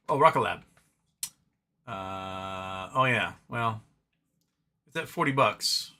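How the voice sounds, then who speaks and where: A man's voice: lowish voice, lively intonation, slow pace, pauses often, pushed and bright. A man hosting a casual live stream, reading chat comments aloud and rambling between them, often talking to his cat. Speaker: livestream host reading chat.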